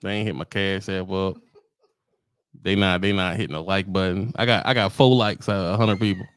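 A man's voice: low-pitched, fairly even intonation, fairly quick, smooth, no room sound, studio quality. A man who drives trucks, ranting in a comic, profane, rambling way to his viewers. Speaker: trucker vlogger. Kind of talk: comic rant to camera.

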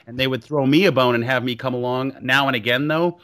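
A man's voice: medium pitch, fast. A man co-hosting a movie podcast who tells stories animatedly and swears freely. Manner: profane, animated storytelling with quoted voices. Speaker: podcast co-host. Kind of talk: casual podcast chat.

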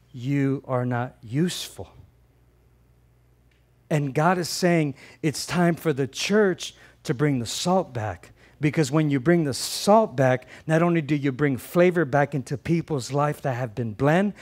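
A man preaching a sermon as a pastor, conversational and animated, often repeating words and swinging between loud emphasis and soft asides. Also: fairly high pitch.

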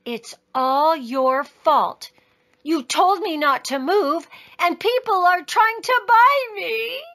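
Woman doing a high squeaky little girl. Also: takes it slowly, a bit bright, exaggerated voice. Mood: whiny. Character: small cheeky girl in a grocery store.

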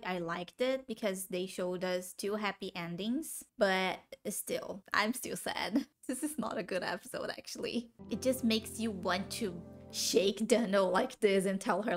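A woman reacting to a TV drama, emotional and gushing, cursing freely in casual commentary. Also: medium pitch.

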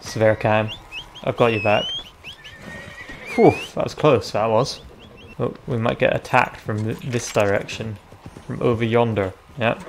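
A young man chatting casually over his gameplay, reacting out loud and swearing freely. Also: lowish voice, steady tone, measured pace, gravelly, long pauses, noisy background. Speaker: gaming video creator.

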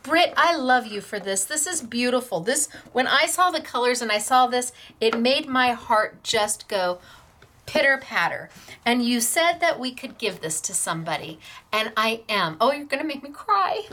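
Gushing high-voiced woman craft host. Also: animated, normal speed, bright, forceful tone. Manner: gushing, admiring, emotional. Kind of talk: showing viewers' craft projects on camera.

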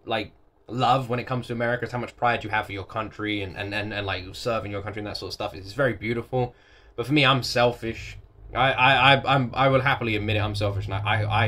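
A man with a mid-range voice hosts a casual music reaction video. His talk is expressive, moving from relaxed chat to loud outbursts. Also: mid-range voice. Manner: expressive, quick swings from chatty to loud exclamations.

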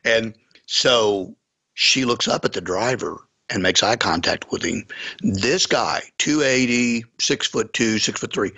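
A man's voice: fairly low pitch, pushed and bright, dry recording. A man, a pastor, vividly retelling a story on a podcast.

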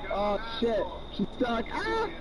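Lively male teammate giving callouts. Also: very high-pitched, low-quality recording. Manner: quick callouts and directions to his teammate. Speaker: teammate in the game. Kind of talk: casual gameplay chat. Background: game music.

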